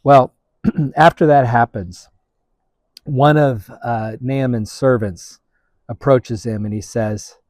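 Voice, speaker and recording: Male pastor, mellow and dry, stop-start sermon delivery. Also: mid-range voice, steady tone, dry recording. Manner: halting, with frequent restarts and fillers.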